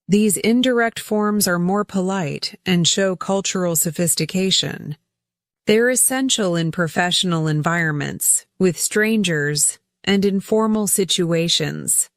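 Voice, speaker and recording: A woman narrating a scripted English lesson, speaking deliberately and repeating words for pronunciation drills. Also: lowish voice, dry recording, studio quality. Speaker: English teacher.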